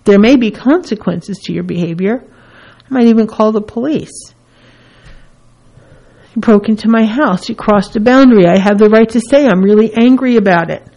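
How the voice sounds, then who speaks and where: A woman's voice: medium pitch, moderate pace, mellow. A woman therapist in a casual teaching talk, who acts out the feelings she names with her voice. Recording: dull lo-fi recording.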